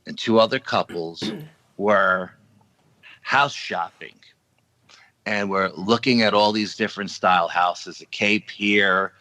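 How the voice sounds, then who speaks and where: A man's voice: lowish voice, dry recording, poor audio. A man on a podcast roundtable telling a long dream story, acting out the other people's lines. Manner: animated storytelling with acted-out quotes. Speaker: paranormal investigator guest.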